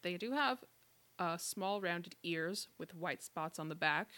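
A woman hosting a podcast, telling facts in a relaxed, explanatory way with frequent laughs. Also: fairly low pitch, unhurried. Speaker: podcast host telling the story. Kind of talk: casual chat.

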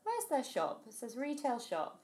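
A woman's voice: sits high, wildly swooping pitch, moderate pace, darkish tone. Chatty woman co-host, pregnant, giggly, loose casual delivery. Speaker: podcast co-host. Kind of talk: casual chat.

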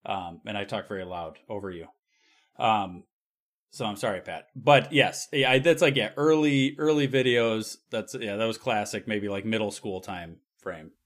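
A man's voice: lowish voice, fairly even intonation, normal speed, a bit bright. A man co-hosting a podcast, chatting casually and laughing easily. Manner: laughs easily, loose and talkative. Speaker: podcast co-host. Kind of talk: casual chat.

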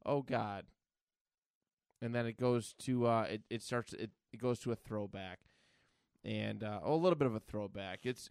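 A man in casual podcast chat, retelling a comic book plot in a loose, rambling way and slipping into quick character voices. His voice is smooth and resonant, recorded dry and close with no room sound. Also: medium pitch, no echo. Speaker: podcast co-host.

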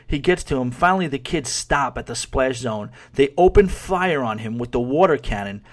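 A man's voice: mid-range voice, animated, normal speed. A podcast host, a man with a mid-range voice, chats loosely and keeps chuckling through his own stories. He restarts sentences and trails off, in an easy conversational way. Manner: rambling, amused, laughs while talking, trails off. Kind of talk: casual podcast chat.

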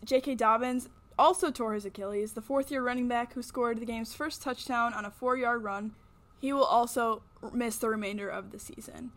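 A young woman hosts a sports podcast in a slightly higher voice. She reads a scripted weekly recap but keeps breaking into chatty, candid asides about her own take. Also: a bit bright. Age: young adult. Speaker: podcast host.

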